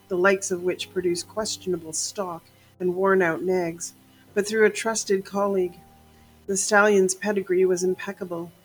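A woman narrating a gothic horror story in a measured, somber first-person telling. Her voice sits low and barely rises or falls. Faint music plays underneath. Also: low-quality recording.

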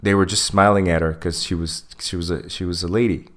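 Deep-voiced man telling a story. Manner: animated storyteller, acts out quoted people; halting, many fillers and restarts. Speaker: podcast host. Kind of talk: casual chat.

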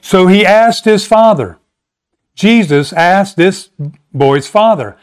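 Male pastor, sermon, conversational, emphatic, slightly high voice. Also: expressive, takes it slowly, clean tone. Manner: conversational, emphatic preaching with sudden pitch rises.

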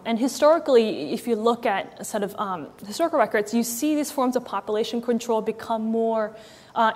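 A church's executive director gives a relaxed, talky sermon to a live audience in a meeting hall, her fairly high voice carrying a darkish tone and a big-room sound. She's wry and conversational, filling her speech with ums and likes.

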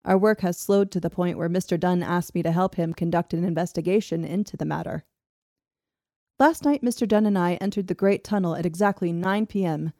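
Woman host, warm dark tone, steady scripted read, dry studio sound. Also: fairly low pitch, brisk, dry recording. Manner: steady storytelling with laughs between. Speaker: podcast host. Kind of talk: reading a history script with banter.

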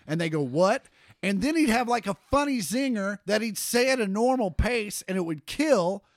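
A man chatting on a podcast, sitting a little higher in pitch than most men. He tells loose, mocking stories and swears freely. The sound is dry and close to the mic. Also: lively intonation, normal speed, dry recording. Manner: laid-back storytelling, swearing, mocking. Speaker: podcast co-host. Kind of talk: casual chat.

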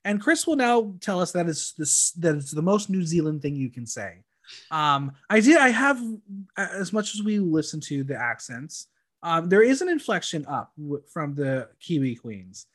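A man's voice: on the high side, very animated, normal speed, fairly bright tone. Chatty campy man recapping a show. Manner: chatty and campy, with frequent ums. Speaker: podcast host recapping a reality show. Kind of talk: casual chat.

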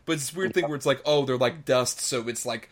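A man's voice: mid-range voice, a little fast. A man co-hosting a casual podcast, rambling through a movie review, laughing often and mimicking lines from the film. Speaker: podcast co-host.

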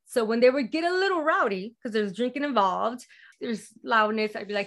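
Woman, animated storyteller, slightly high pitch, casual interview talk. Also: normal speed. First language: bilingual in Spanish. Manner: lively, animated, quotes herself and others. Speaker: guest.

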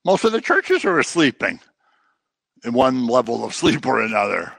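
A middle-aged man preaching a sermon, lively and dramatic, slipping into the voices of the people he describes. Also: medium pitch, normal speed, vocal fry, no echo. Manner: animated, acts out voices of people he quotes. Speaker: pastor.

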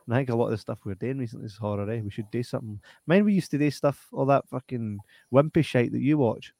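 A man's voice: mid-range voice, fast talker, gravelly, mellow, no echo. Scottish podcast host, young man, sweary, laughs a lot, dry close-mic sound. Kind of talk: casual chat.

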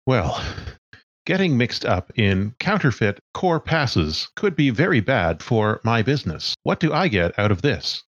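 A man voicing a polite, scheming cyborg fixer who is part machine, speaking smoothly in a businesslike way. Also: medium pitch, sing-song, measured pace, no echo, muffled recording, pitched above the performer's own voice.

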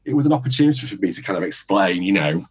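A man with a very low voice and a husky edge. He speaks as a guest on a podcast panel, musing aloud and restarting his phrases as he works out what he means. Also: lively intonation, very fast. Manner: thoughtful, repeats words while searching for them. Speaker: podcast guest, internal communications professional. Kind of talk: casual panel discussion.

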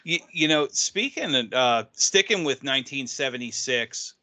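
A man's voice: mid-range voice, lively intonation, normal speed, pushed and bright. A man hosting an interview, putting casual questions to his guest. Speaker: host.

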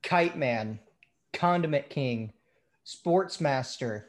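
Enthusiastic man pitching movie ideas. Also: slow pace. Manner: animated, enthusiastic, swears freely. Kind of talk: casual movie chat.

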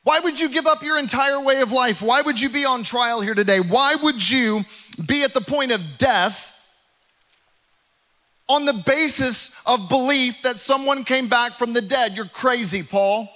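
A man doing a scornful shouting Roman official. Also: extremely high pitch, a little slow, pitched above the performer's own voice, heavily acted. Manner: shouting, incredulous.

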